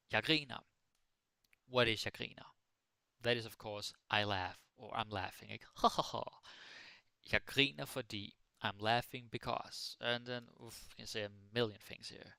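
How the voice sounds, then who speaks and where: A man teaching Danish in a relaxed live lesson, playfully mixing Danish and English with silly example sentences, recorded on a close microphone. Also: on the low side, creaky, clear, resonant tone, dry recording. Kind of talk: casual live-stream language lesson.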